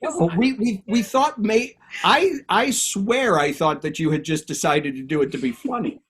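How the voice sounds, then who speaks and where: A man's voice: high voice, normal speed, husky. A man, an actor guest telling stories in a casual chat, often repeating words as he starts. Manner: animated storyteller, repeats words when starting.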